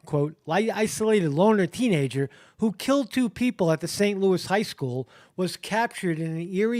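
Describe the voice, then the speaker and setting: A man hosting a live stream, reading headlines and commenting in a halting, blunt way, full of fillers and swearing. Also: on the high side, darkish tone, dry recording, studio quality. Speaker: live show host.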